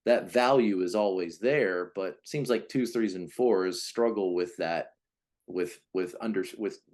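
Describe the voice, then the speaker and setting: A man being interviewed as a personality coach, explaining in a conversational way, often restarting and now and then acting out quoted voices. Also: unhurried. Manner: animated, acts out voices of types with big pitch jumps; many restarts and repeated words. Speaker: Enneagram coach, guest.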